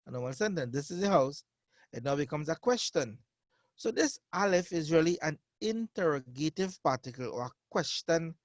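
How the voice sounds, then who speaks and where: A man teaching a beginner Arabic class, patiently repeating each phrase slowly for his learners. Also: a little high, dry recording. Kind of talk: online beginner language lesson.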